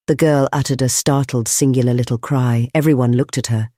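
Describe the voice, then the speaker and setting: Measured male audiobook narrator, dry sound. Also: medium pitch, fairly even intonation, dark tone, no room sound. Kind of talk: scripted narration.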